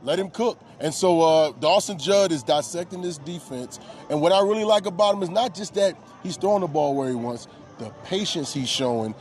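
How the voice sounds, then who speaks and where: A middle-aged man calls a high school football game as color commentator. His voice rides a little high, and he breaks down each play with a coach's patient eye and easy homespun phrases. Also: fairly quick, darkish tone. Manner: knowledgeable, coach-like analysis with folksy phrases. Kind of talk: live sports commentary.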